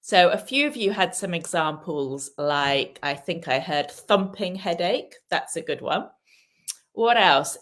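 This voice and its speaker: A woman's voice: fairly low pitch, fairly bright tone. A woman from Wales teaching an English lesson in a live online class, patient and encouraging, repeating key phrases.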